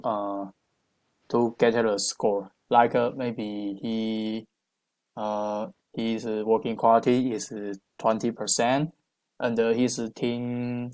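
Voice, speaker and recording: Hesitant male learner, slow speech. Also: lowish voice, a little mellow, poor audio. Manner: hesitant, many uhs and restarts. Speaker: English student. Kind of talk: reading practice phrases aloud.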